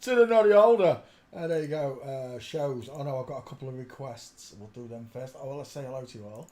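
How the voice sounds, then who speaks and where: A man's voice: medium pitch, fairly even intonation, fairly quick, dark tone. An older man hosting a rambling live stream from his home desk, chatting, greeting viewers and humming to himself as he clicks around. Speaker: livestream host.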